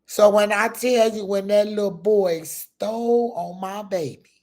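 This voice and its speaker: A woman's voice: mid-range voice, steady tone, unhurried, darkish tone. A middle-aged woman telling a personal story to her viewers in an emphatic, profane, casual way, often calling out to them directly.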